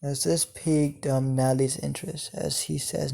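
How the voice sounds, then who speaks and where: Halting, gravelly male storyteller. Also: mid-range voice, flat delivery, dark tone. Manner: halting, full of hesitations. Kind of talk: improvised fan-fiction narration.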